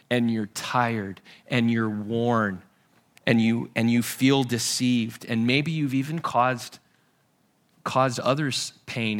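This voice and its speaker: A man preaching a sermon, retelling a Bible story with lively acted-out voices and frequent restarts. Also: medium pitch. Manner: animated storytelling, acting out Bible characters' voices. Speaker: pastor.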